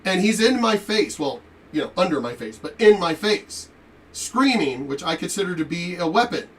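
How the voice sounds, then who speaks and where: A man telling a story in a profane, animated rant while commenting on a reaction video. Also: high voice, moderate pace, recorded from a distance. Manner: animated, profane, laughing asides.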